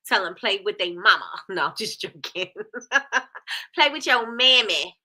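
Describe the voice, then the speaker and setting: Woman host, bright tone, sassy and playful, reading chat comments live. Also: medium pitch, unhurried. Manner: animated, laughing, playful sass. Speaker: livestream host.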